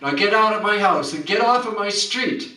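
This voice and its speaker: A man voicing a haughty, scolding rich old man who turns shrill as he shouts. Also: lively intonation, normal speed. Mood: scornful. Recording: roomy hall, distant mic.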